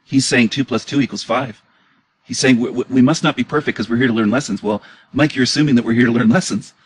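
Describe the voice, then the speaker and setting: A man with a husky, slightly rough voice talks back at clips in an emotional reaction commentary. He sounds indignant, pressing the same questions again and again. His pitch sits right in the middle. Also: fast talker, low-quality recording.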